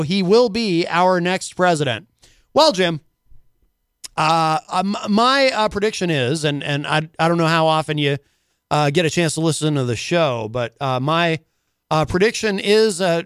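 A man's voice: on the high side, fairly bright tone, smooth, no echo, studio quality. A man hosting a casual talk radio show, rambling and full of filler words.

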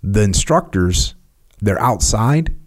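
A man's voice: on the low side, lively intonation, slow pace. A man on a podcast, casually telling a story in an emphatic way and repeating phrases for weight. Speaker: podcast host. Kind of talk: casual chat.

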